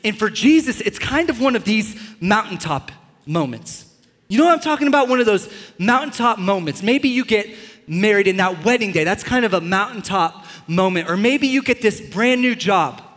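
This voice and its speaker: A young man preaching a sermon as a pastor, enthusiastic and joking with sudden loud bursts. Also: sits high, lively intonation, normal speed. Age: young adult. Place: large church hall. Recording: long church-hall reverb.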